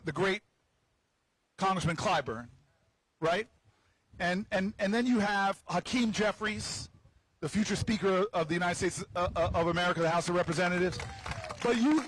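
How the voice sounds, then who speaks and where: Husky animated man telling a story. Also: high-pitched, no echo, low-quality recording. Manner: animated storyteller, playful asides to the crowd. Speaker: senator. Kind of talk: storytelling at an outdoor rally. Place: outdoors on building steps.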